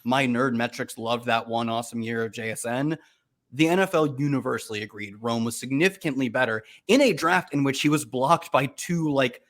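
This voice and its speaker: A man co-hosting a casual sports chat. He teases the others and follows up quickly with questions. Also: medium pitch, fairly bright tone. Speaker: co-host.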